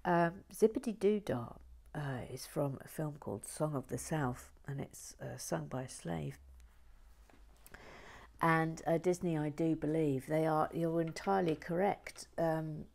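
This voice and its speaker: A woman hosting a relaxed building video, talking softly and often dropping to a whisper. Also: low voice, measured pace, vocal fry. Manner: soft-spoken, often dropping to a whisper, chatty. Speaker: host of a toy building channel.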